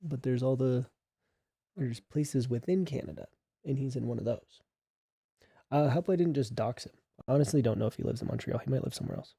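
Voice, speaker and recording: Casual young man livestreaming, dark tone. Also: mid-range voice, brisk, gravelly, slightly rough, no room sound, clean studio sound. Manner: chatty, joking, reads chat aloud. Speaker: livestream host.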